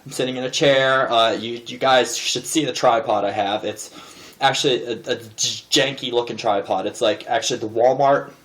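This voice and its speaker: A man in his thirties sits in a chair indoors and rambles jokingly to a camera propped in a desk drawer. His pitch sits in the usual middle for a man, and he keeps poking fun at himself. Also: steady tone, normal speed, fairly bright tone. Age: 30s. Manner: joking, self-deprecating and rambling. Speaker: vlogger host. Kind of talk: casual comedic monologue to camera. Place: indoor room, seated in a chair.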